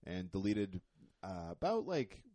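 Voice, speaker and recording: Mellow, laid-back comedian guy. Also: deep voice, sing-song, measured pace, dry recording. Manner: laid-back, self-deprecating, laughs often. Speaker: podcast co-host, comedian. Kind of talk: casual comedic chat.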